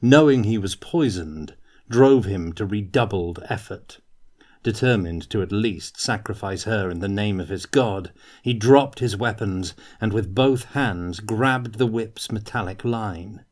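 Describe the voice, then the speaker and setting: Slow, low-voiced male novel reader. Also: a little mellow. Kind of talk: reading a novel aloud.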